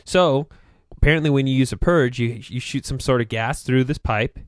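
A man's voice: mid-range voice, normal speed, no room sound, studio quality. A man on a talk show, laughing as he tells a work story casually and acts out his coworkers' lines. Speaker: guest.

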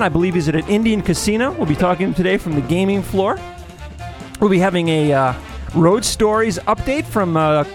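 A podcast host delivering playful, jokey chatter and introductions. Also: female voice, medium pitch. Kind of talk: comedic podcast banter.

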